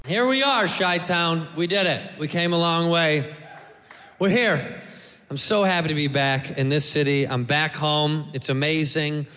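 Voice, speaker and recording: Brash high-voiced stand-up man. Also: a little slow, sharp tone. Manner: brash, crude, playful. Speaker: stand-up comedian. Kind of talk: stand-up routine. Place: comedy club stage. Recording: club with long reverb.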